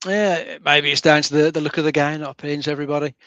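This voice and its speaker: A man's voice: fairly high pitch, steady tone, rapid-fire, fairly bright tone, no room sound, dull audio. Laid-back man with many fillers. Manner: easygoing, lots of "like" and "you know" fillers. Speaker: co-host. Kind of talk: casual gaming podcast chat.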